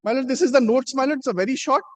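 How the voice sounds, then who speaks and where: A man's voice: very high-pitched, very fast, no room sound. A man pleading before a court as an advocate, insistently repeating his deferential address.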